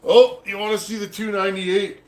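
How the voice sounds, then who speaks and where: Fairly quick and high-pitched with little pitch movement, this Canadian man chats from his home workshop, where he builds chainsaws and hosts a live stream. His Canadian accent carries folksy, rambling answers to viewer comments over roomy sound and background noise.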